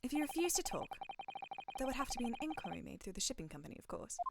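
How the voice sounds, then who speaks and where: A woman voicing a formal young male lawyer in a deliberately bad put-on British accent, reading lines theatrically. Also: a little high, very animated, gravelly, heavy background noise, voice pushed up. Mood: stern.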